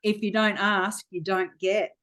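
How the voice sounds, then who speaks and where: A woman's voice: mid-range voice, little pitch movement, a little slow, a bit bright. A middle-aged Australian woman, a frank, chatty guest telling stories in a casual interview. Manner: frank, chatty storyteller acting out quotes.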